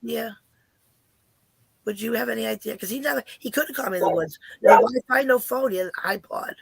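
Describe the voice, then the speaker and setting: A hoarse middle-aged woman, calling in and earnestly telling a personal story, asking questions as she goes. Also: on the high side, lively intonation, fairly quick, no room sound. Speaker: caller. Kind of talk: casual storytelling.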